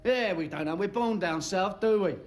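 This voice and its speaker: An actor playing a quick-tongued London con man with a Cockney accent, cheeky and combative in a TV drama. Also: high voice, close to an everyday voice. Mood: arguing. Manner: cheeky, fast-talking, trading insults. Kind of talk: TV drama acting.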